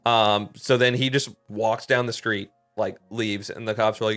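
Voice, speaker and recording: A man's voice: fairly low pitch, moderate pace, hardly any pauses, faint music behind. Swearing man telling a story. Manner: animated, swears a lot, heavy use of "like". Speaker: podcast co-host. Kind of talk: casual storytelling chat.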